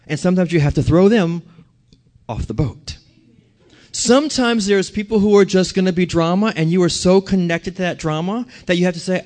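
Animated, higher-voiced male preacher. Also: normal speed. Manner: animated, questions and jokes with the congregation. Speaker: pastor. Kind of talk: sermon. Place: church.

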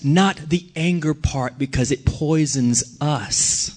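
A man's voice: on the high side, steady tone, unhurried. A man pastoring his church, preaching in an earnest, conversational way and putting questions to the congregation. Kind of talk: sermon.

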